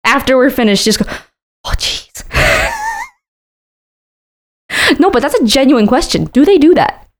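A woman in playful casual chat at home in a bedroom, teasing and quick to mimic how others talk. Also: high voice, lively intonation.

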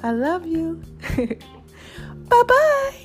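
A woman's voice: very high-pitched, sing-song, extremely slow, faint music behind. A woman hosting a podcast, giving casual motivational talk in a playful way, repeating phrases and calling her listeners "baby.". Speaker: podcast host.

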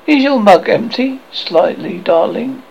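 A man's voice: very high-pitched, animated, unhurried, gravelly, a little mellow, highs cut off, slight background noise, pitched above the performer's own voice, full character voice. A man reading aloud and voicing a bossy, motherly young girl who scolds and fusses over the other children. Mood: scolding. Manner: fussy, scolding.

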